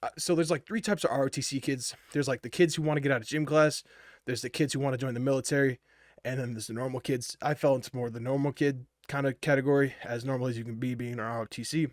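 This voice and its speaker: A man's voice: medium pitch, steady tone, quick pace, no echo, clean studio sound. A young man casually telling a personal story, rambling and swearing a lot, full of fillers, wired on energy drinks. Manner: rambling and profane, with many fillers.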